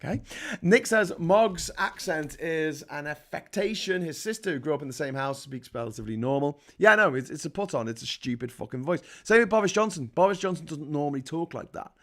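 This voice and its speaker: A man's voice: on the high side, lively intonation, brisk, a bit bright. A British man hosting a livestream, reading out chat and ranting about politics, heated, sarcastic and constantly swearing. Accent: British English. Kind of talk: casual political rant.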